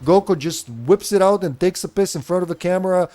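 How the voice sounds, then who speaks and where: A man's voice: high voice, fairly quick, mellow. Profane male streamer. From Serbia. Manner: profane, rambling, laughs often. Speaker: game streamer. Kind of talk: casual gameplay commentary.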